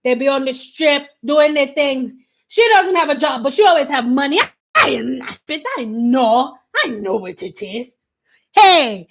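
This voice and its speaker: An outraged middle-aged Haitian mother, as a woman acts her out, tells her tale in a high, piercing voice. She talks loud and keeps crying out "hey" between her sentences. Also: lively intonation, unhurried, heavily acted. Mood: gossiping. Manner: loud, exclaiming "hey" over and over.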